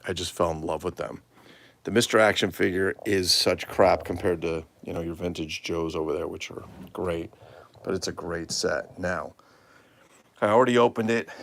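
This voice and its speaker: Man, gravelly voice, live-stream host, enthusiastic show-and-tell, rambling. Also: sits low.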